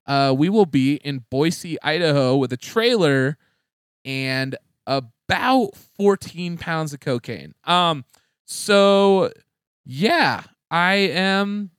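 Young man, podcast host, manic rambling chat, smooth voice, dry close sound. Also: on the high side, slow, dry recording. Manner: excitable, rambling, laughs often. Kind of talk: casual comedic chat.

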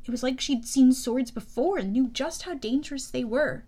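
A woman reading a first-person audiobook in a lively, expressive way with youthful energy. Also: sits high, fairly quick, hardly any pauses. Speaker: audiobook narrator.

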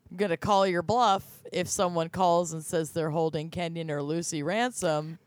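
A woman's voice: fairly low pitch, fairly even intonation, moderate pace, no room sound. A woman co-hosting a podcast in casual chat, dry and jokey. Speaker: podcast co-host.

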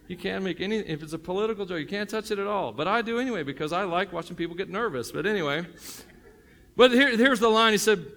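A man's voice: high-pitched, animated, fast talker, creaky, fairly bright tone. A middle-aged man with a Tennessee accent, a pastor preaching a sermon in a joking, conversational way with many fillers and restarts.

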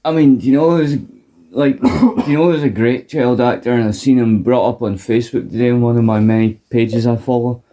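A man's voice: mid-range voice, steady tone, fairly quick, warm tone. A man chatting casually on a podcast, joking with crude interjections. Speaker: podcast co-host. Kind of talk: casual chat.

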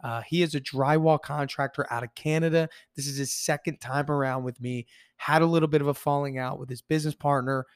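A man hosting a business podcast, upbeat and direct, his voice hoarse from losing it. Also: a little high, fairly even intonation, brisk, few pauses, no echo, clean studio sound. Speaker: podcast host. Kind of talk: casual podcast interview.

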